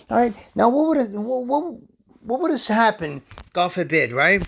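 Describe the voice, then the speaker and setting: A man's voice: sits high, animated, moderate pace, gravelly, a bit bright, breathy edge. A man telling a long, rambling, profane story as a vlogger, heated and indignant, peppering every line with "you know" and "right?". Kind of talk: casual storytelling rant.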